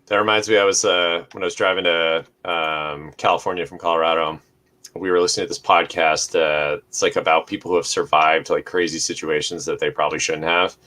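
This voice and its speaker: A man's voice: low-pitched, steady tone, brisk, bright, forceful tone. A man in a casual chat, telling a story loosely, with frequent swearing and laughter.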